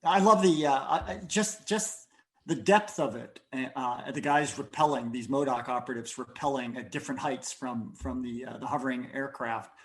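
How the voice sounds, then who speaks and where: A man co-hosting a podcast who speaks haltingly about the comic art, searching for his words and trailing off softly. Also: medium pitch. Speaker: podcast co-host. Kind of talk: casual chat.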